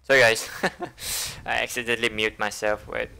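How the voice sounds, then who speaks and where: A male game streamer with a bright, crisp voice chats casually with his viewers and reads game narration. He talks in a chatty, stumbling, self-amused way. Faint music runs behind him. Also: on the low side, little pitch movement, moderate pace.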